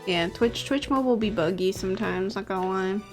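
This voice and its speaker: A woman's voice: medium pitch, brisk. A woman streamer reading video game dialogue aloud, playful and chatty. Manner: playful, laughs at own voicing. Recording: faint game music behind.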